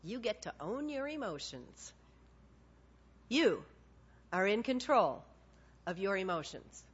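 A woman preaching a sermon, animated and conversational, acting out little dialogues with God. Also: medium pitch, takes it slowly, slightly rough. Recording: dull lo-fi sound.

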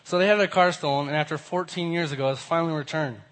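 A young youth pastor with a cold leads a casual Bible lesson, his voice hoarse but fairly bright. He talks fast at a slightly high pitch and keeps turning to the group with friendly questions.

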